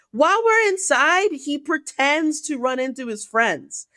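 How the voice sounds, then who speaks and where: A woman comedian telling a dating story on a podcast, profane and animated, acting out the people she quotes. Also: high-pitched, brisk, hardly any pauses, no room sound. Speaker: guest comedian.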